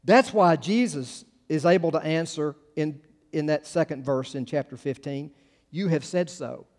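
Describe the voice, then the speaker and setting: A man preaches to his congregation in an earnest, halting way, restarting his phrases and then pressing hard on key words. His voice sits a little high for a man. The sound carries a long reverb from a church hall. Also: darkish tone. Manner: earnest, halting with many restarts, builds to emphatic peaks. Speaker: pastor. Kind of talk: sermon.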